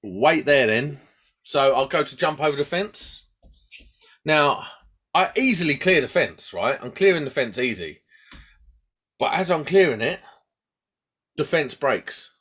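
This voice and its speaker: A man's voice: a little high, measured pace, pauses often, breathy edge. A man, telling a story on a podcast he co-hosts and laughing at himself. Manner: animated, acts out quoted voices, laughs at himself. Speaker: podcast host. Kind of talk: casual storytelling chat.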